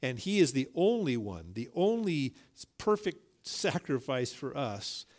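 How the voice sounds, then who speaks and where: A man's voice: mid-range voice, big pitch swings, measured pace, a little mellow. A middle-aged male pastor preaching a sermon, telling a folksy story and rising emphatically on key points.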